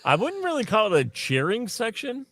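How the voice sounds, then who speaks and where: A man co-hosting a casual podcast, telling stories in an animated way, laughing often and mimicking other people. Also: extremely high pitch, moderate pace, dry recording, clean studio sound. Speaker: podcast co-host. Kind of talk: casual chat.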